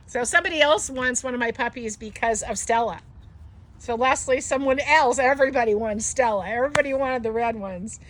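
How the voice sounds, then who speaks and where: A woman's voice: on the high side, fairly quick. A woman who breeds dogs, chatting casually outdoors and slipping into baby talk with her puppies, swearing freely. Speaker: dog breeder. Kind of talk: casual vlog chat with puppies.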